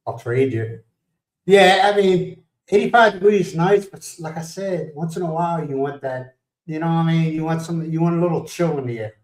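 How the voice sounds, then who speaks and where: A man's voice: a little high, moderate pace, warm tone, recorded from a distance. American guy rambling on a livestream, laughs a lot, sits back from the mic in a roomy echo. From United States. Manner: rambling storytelling, greets viewers by name, laughs often. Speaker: livestream host. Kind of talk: casual chat.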